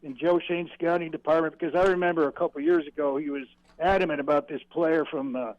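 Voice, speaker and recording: A man's voice: on the high side, steady tone, quick pace, no room sound. Older male caller, friendly and reminiscing, dull phone-line sound. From Virginia. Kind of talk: phone-in chat.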